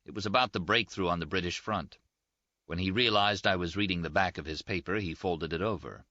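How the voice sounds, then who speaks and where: Deep-voiced male audiobook narrator. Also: brisk, bright, forceful tone, dry recording, lo-fi sound. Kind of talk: scripted literary narration.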